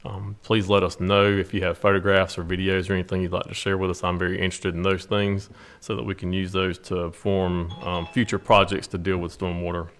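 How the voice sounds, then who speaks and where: A city official giving his report at a council meeting in a measured way, with many filler ums. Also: low voice, flat delivery, a bit bright.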